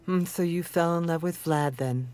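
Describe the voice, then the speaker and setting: A woman's voice: on the low side, normal speed, darkish tone, slight background noise. A woman dubbing family elders in a film, fussy and coaxing. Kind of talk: English dubbed film dialogue.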